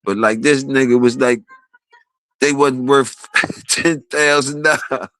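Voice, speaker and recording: Man, casual livestream chat, profane and rambling, dry close sound, mid-pitched voice. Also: steady tone, slow pace, fairly bright tone, no room sound, poor audio. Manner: rambling, profane, laughing, quotes others animatedly. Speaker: streamer host.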